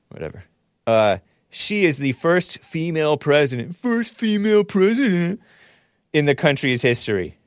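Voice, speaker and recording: A man's voice: fairly low pitch, dry recording, studio quality. Sarcastic rambling male talk show host. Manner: sarcastic, rambling, mocking asides; spells out names and stumbles over pronunciations. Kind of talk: opinionated talk show monologue.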